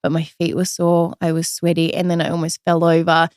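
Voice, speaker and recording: A woman in her thirties telling a personal story in a casual interview, chatty and animated, acting out the voices of the people she quotes. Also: lowish voice, brisk, no echo, studio quality. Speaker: podcast guest, usual host.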